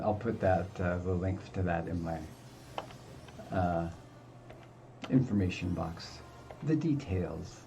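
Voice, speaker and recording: A man's voice: low-pitched, vocal fry, dark tone, a little hiss or hum. An older man hosting a gaming video, giving chatty, self-deprecating commentary as he plays. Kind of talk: casual gameplay commentary.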